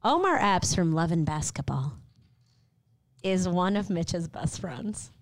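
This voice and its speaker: A woman co-hosting a podcast in loose, casual banter. Her voice sits low but swings widely in pitch as she delivers deadpan, over-the-top jokes, often trailing off into "like". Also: takes it slowly. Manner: deadpan, mock-dramatic jokes; trailing fillers like "like". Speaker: podcast co-host. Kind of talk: casual comedic chat.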